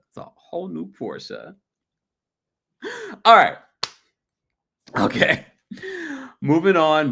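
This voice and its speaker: A man hosting a casual livestream recap, gossiping and reading viewer comments, often mimicking people in high voices. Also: a bit bright. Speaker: recap show host.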